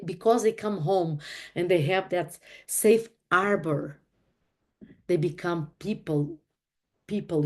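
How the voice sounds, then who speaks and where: A woman's voice: on the low side, dark tone. A woman hosting a reflective talk on relationships, speaking earnestly and reassuringly in short phrases. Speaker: host leading a relationship talk.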